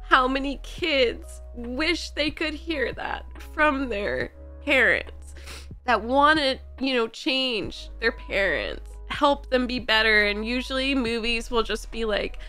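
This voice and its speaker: A high, bright woman's voice reacting to a film on camera. She speaks slowly and effusively, pouring out emotion and filling her sentences with "like". Her tone is casual and open. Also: expressive, soft background music. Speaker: movie reaction host.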